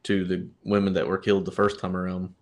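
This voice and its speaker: Man, lowish voice, casual podcast chat, rambling, enthusiastic. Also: completely flat delivery, quick pace. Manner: rambling, enthusiastic, many restarts and fillers. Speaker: podcast co-host. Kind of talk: casual film discussion.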